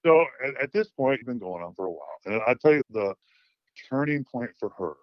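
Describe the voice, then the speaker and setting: A man's voice: mid-range voice, sing-song, a little fast, no room sound, highs cut off. A middle-aged man calling in to a talk show, telling a frank story in a blunt, profane way with many restarts. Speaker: caller.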